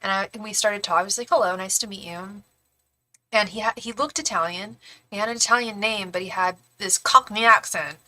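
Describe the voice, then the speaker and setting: Chatty young woman, bright voice. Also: medium pitch, steady tone, quick pace. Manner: rambling, chatty, frequent restarts and "like". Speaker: tarot reader livestream host. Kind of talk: casual live-stream chat.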